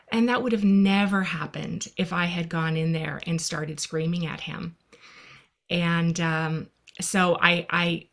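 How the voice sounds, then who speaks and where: Bright-voiced woman, chatty parent sharing stories on a panel. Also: medium pitch. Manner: chatty storytelling with many "like"s. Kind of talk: casual discussion.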